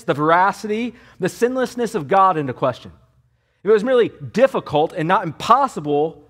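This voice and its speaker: Emphatic pastor preaching, slightly high voice. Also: male voice. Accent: Californian English. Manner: emphatic, repeats key words, varies loudness. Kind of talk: expository sermon.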